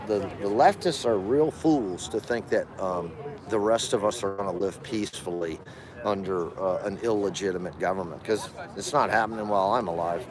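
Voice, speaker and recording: A man livestreaming from a protest, combatively calling out passersby and daring them to come and debate. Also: lowish voice. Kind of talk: livestream commentary. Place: outdoors at a rally by a capitol building. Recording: outdoor rally crowd noise.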